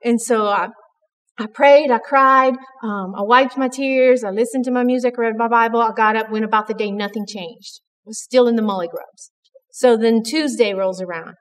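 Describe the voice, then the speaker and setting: A woman's voice: a little high, long reverb tail. A woman giving an earnest, conversational devotional talk at church, with frequent restarts. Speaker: church speaker.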